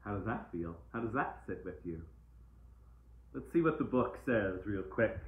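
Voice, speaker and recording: A man's voice: fairly low pitch, very animated, moderate pace. A man giving a casual, playful live-stream oracle card reading, repeating uplifting phrases like mantras. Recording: echoey room, tinny phone-like sound.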